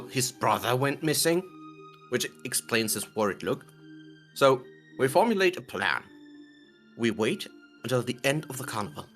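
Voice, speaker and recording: A man recaps the last tabletop session casually, giggling, rambling, and often correcting himself. His voice is medium-pitched and a bit bright.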